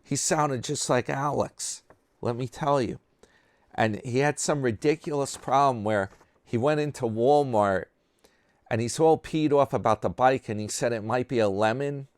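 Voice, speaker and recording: A man's voice: mid-range voice, unhurried, no echo. A man hosting a commentary channel, talking casually and sarcastically in a rambling way about another creator.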